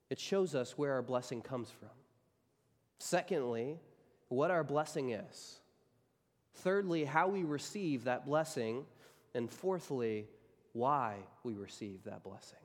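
A man's voice: mid-range voice, big-room sound. A man preaching a sermon as a pastor, emphatic and driving his points home by repeating key phrases.

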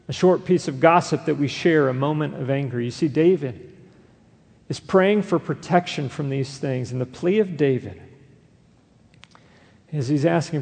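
A man's voice: fairly high pitch, gravelly, darkish tone. A man preaching a sermon as a pastor, reading scripture aloud and explaining it to his listeners. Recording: long hall reverb.

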